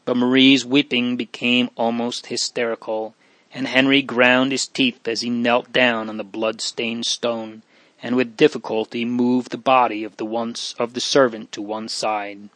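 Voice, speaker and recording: A man reading a story aloud in a slow, measured, hushed and solemn manner. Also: mid-range voice, no room sound. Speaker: narrator. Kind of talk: audiobook reading.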